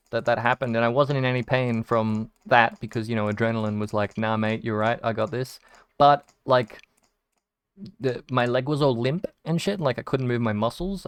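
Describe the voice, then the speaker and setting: A young Australian man rambles through casual stories, swearing and restarting his sentences as he goes. His voice is smooth and clear, recorded close and dry with no room sound. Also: mid-range voice, no room sound. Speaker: video game streamer. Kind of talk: casual storytelling while gaming.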